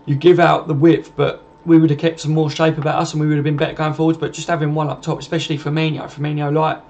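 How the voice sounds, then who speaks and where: A man's voice: on the high side, level tone, fast, a little mellow, slight background noise. Man, casual stream host, matey and chatty, dull lo-fi home audio. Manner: chatty, matey, calls everyone mate. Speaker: livestream host reading viewer comments. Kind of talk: casual football chat.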